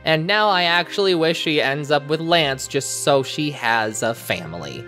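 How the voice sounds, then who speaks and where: A woman giving animated, sarcastic commentary as a show reviewer. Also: sits low, moderate pace, faint music behind. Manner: sarcastic, wry asides.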